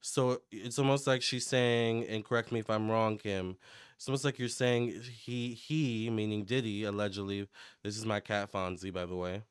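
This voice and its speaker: Chatty low-voiced man reading tarot. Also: normal speed, smooth, no room sound, studio quality. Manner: chatty, excitable, relays messages in a lively running commentary. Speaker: tarot reader and medium. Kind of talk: casual psychic reading monologue.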